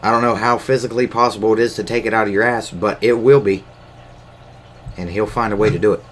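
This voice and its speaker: A man talking off the cuff in a fairly low voice, stumbling through plenty of ums and uhs and cursing freely. He is recorded on a camera mic, with a faint hiss of noise underneath. It sounds like an unscripted solo podcast. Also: fairly even intonation, fast. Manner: hesitant, lots of fillers, profane. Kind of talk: casual rambling monologue.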